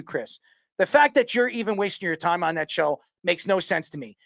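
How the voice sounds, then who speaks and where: A man hosting a sports podcast who rants loudly and passionately, arguing hard and often raising his voice. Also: high voice, sing-song, moderate pace, creaky, dry recording. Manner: loud, passionate, yells his arguments. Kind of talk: heated sports talk rant.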